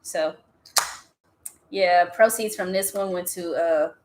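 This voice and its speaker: A woman's voice: on the low side, slow, slight background noise. A woman hosting a casual beer tasting livestream, laid-back and teasing, reading viewer comments aloud.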